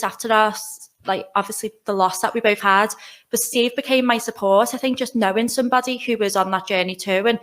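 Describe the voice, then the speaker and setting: A woman's voice: mid-range voice, a bit bright. Nervous Liverpool woman giving a keynote. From Liverpool, England. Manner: nervous, candid, chatty with many fillers. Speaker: keynote speaker. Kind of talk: conference keynote talk. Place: conference hall stage.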